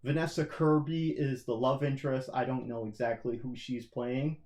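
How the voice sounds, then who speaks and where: A man's voice: medium pitch, flat delivery, a little mellow. A man co-hosting a casual movie podcast, chatty and joking as he talks through a trailer. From Canada. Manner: chatty, jokey, does quick mock voices. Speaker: podcast co-host. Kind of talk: casual chat about movies. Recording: roomy echo.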